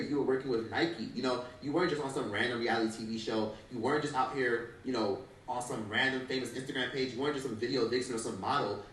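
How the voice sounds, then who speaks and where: A man's voice: mid-range voice, fairly bright tone, distant mic, slight background noise. A man giving blunt, profane commentary on an influencer's downfall, recorded off mic in an echoey room. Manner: blunt, swearing. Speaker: commentary YouTuber.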